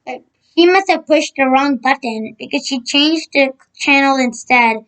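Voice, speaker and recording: High-voiced woman reading a storybook. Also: measured pace, fairly bright tone, low-quality recording. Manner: stumbles over words, adds side comments. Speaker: reader. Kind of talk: reading a children's book aloud.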